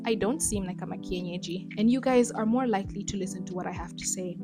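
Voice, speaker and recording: A woman's voice: medium pitch, fast talker, over music. A young woman vlogging straight to camera, blunt and impassioned, dropping Swahili slang into her talk. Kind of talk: direct-to-camera commentary.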